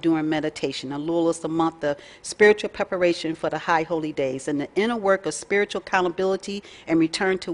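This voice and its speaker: A woman, teaching a faith lesson in a folksy, chatty way with lively asides. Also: on the low side. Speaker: Bible study teacher. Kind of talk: casual teaching talk.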